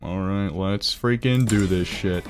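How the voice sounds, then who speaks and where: Low-voiced man swearing through a game. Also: measured pace. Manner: excitable, swears constantly. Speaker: gamer. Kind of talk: casual let's-play commentary. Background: game music.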